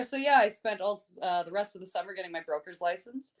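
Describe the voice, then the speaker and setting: A woman guest on a podcast, telling a story in casual chat, swearing often and talking in a lively, laughing way. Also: mid-range voice, fast talker.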